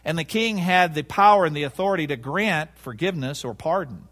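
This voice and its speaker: A man's voice: a little high, brisk, a bit bright. A man preaching a sermon, emphatic, repeating key words and asking the congregation rhetorical questions.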